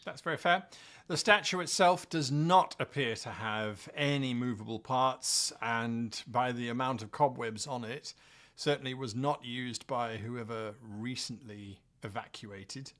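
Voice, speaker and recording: A man's voice: mid-range voice, unhurried, fairly bright tone. A man running a tabletop game as game master, narrating scenes with playful drama.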